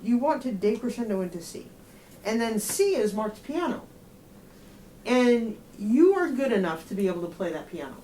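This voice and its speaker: A woman's voice: on the high side, very animated, moderate pace, mellow, slight background noise. A woman giving a student one-on-one feedback in a music lesson, direct and explaining with everyday comparisons. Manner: sings rhythms on nonsense syllables. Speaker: euphonium teacher.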